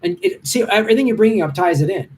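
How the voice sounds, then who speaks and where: A man's voice: high voice, very animated, rapid-fire, creaky. A middle-aged man, a stand-up comic, talking bluntly and passionately as he answers viewer comments from a hotel room. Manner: impassioned, blunt, rambling. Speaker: stand-up comic hosting a live Q&A stream.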